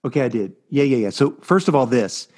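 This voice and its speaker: A middle-aged man co-hosting a casual chat podcast, telling stories in an animated, rambling way. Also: mid-range voice, a little fast. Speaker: podcast co-host.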